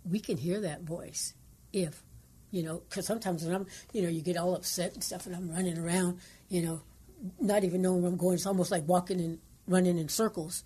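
A woman co-hosting a Christian radio talk show, speaking earnestly and quoting scripture, sometimes dropping into hushed asides. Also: lowish voice, fairly even intonation, fairly quick, breathy edge.

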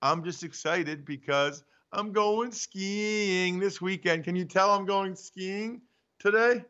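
Teasing, animated male co-host, bright and clear, slightly muffled home audio. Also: sits high, slow pace. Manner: teasing, animated, acts out bits. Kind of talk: casual sports show banter. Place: home studio. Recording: dull lo-fi remote audio.

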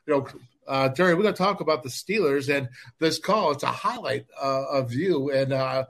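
A man's voice: medium pitch, normal speed, fairly bright tone. A man hosting a casual sports podcast, moving the conversation along and handing the floor to his co-hosts. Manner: moves the talk along, hands the floor to the others. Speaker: podcast host.

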